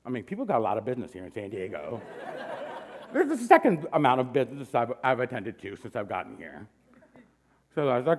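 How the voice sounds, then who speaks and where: Animated man telling a comic story. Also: mid-range voice, fairly quick. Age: 40s. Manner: animated, punchy, self-mocking. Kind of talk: live comic personal storytelling.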